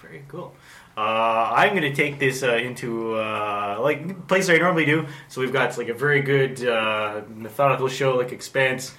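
A man's voice: medium pitch, moderate pace, sharp tone. A man hosting a casual chat, rambling with lots of fillers and restarts. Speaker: podcast host. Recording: echoey room.

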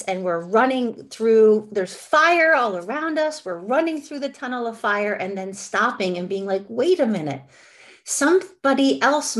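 A woman in her thirties or forties speaks slowly and earnestly in a support-group meeting, gushing with gratitude. She talks in loose, looping sentences full of "like" and "you know". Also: medium pitch. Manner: earnest and effusive, many "like" fillers. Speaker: meeting participant sharing. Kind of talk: heartfelt support-group share.

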